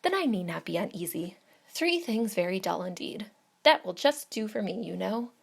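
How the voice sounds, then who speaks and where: A chattering, good-humoured older spinster, as a woman reading a storybook puts her on. She speaks loudly and eagerly, bubbling over with agreeable fuss. Her voice is mid-pitched with a gravelly edge. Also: very animated, normal speed, exaggerated voice. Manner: eager, loud and fluttery.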